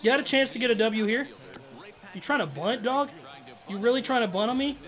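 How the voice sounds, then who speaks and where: A man giving casual, slangy commentary over his own gameplay, excitable and trash-talking, with loud outbursts. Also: very high voice, a little fast. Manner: slangy, keeps saying bro and dog. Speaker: gaming YouTuber.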